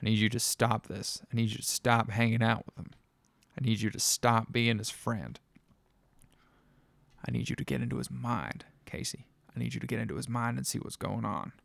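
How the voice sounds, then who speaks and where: A man's voice: medium pitch, normal speed, vocal fry, a bit bright, dry recording. A man voicing a menacing, commanding male council leader in a spoken story, snapping orders.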